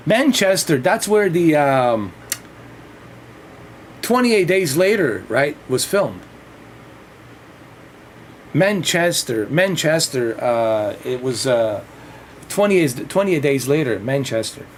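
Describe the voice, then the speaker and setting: A man's voice: on the high side, big pitch swings, takes it slowly, pauses often, a little hiss or hum. A man chatting casually on a livestream, rambling and swearing freely. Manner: rambling and profane, with frequent restarts and laughs.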